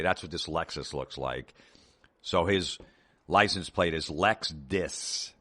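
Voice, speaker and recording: A man's voice: rumbling low, slow, sharp tone. A man hosting a comedy show, ranting in a sarcastic, profane and exasperated way. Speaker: comedian host. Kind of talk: comedic rant.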